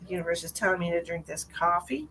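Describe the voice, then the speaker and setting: A woman in her forties, a psychic medium chatting on a live stream, rambling and gushing, often laughing and breaking into high excited greetings. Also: fast, slight background noise, low-quality recording. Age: 40s. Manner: frequent restarts and fillers, sudden high excited greetings. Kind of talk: live-stream psychic reading, casual chat.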